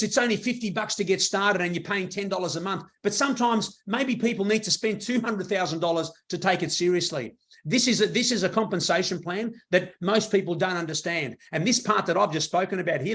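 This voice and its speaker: Man, high voice, excited sales pitch, addresses the room. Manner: enthusiastic, repetitive, talks to a live audience. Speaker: presenter at a business meeting.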